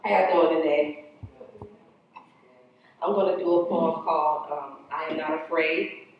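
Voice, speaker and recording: A woman's voice: deep voice, fairly even intonation, measured pace, muffled recording, slight background noise. Nasal woman performing spoken word poetry. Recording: echoey hall, mic heard from far.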